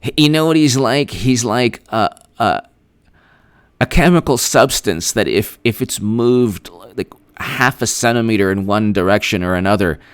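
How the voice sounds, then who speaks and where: A man's voice: lowish voice, lively intonation, moderate pace, smooth. A man hosting a live-stream political commentary, talking in a sarcastic, rambling, mocking way.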